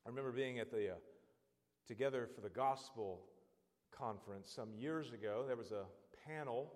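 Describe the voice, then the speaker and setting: A man preaching a sermon, earnest and building to loud, emphatic exhortation. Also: mid-range voice, big-room sound.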